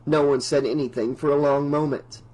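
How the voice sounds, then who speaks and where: Higher-voiced man reading a novel. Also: steady tone, moderate pace, a little mellow, poor audio. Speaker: audiobook narrator.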